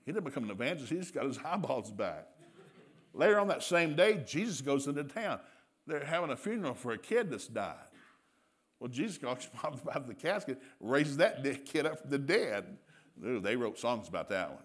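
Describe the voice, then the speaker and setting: A male preacher giving a sermon with animated storytelling, laughing often and acting out dialogue. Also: medium pitch, moderate pace, breathy edge.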